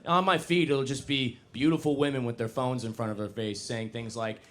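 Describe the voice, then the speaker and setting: A man's voice: medium pitch, steady tone, a little fast, fairly bright tone. A young man doing a stand-up comedy set on a club stage into a handheld mic, casual and self-deprecating, working the crowd.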